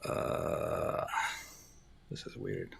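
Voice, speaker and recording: A man chatting as a guest on a livestream, playful and quick to laugh, often repeating himself. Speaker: guest friend. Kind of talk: casual livestream chat.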